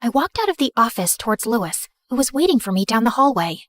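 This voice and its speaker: A woman tells an animated first-person story with expressive narration. Her voice is fairly high and swoops lively through its range. The recording is dry and close. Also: fast talker, no echo.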